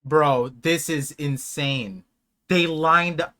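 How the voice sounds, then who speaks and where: A man's voice: a little high, slow pace. Awestruck young male streamer. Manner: excitable, emotional, swings from hushed awe to loud outbursts. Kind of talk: live watch-party reaction.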